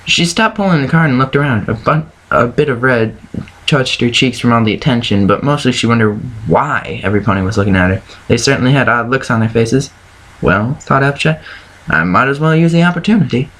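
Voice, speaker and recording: A man's voice: mid-range voice, a little fast, a bit bright, poor audio. Man reading fan fiction aloud in a mid-range voice, stumbles and self-corrects. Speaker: reader.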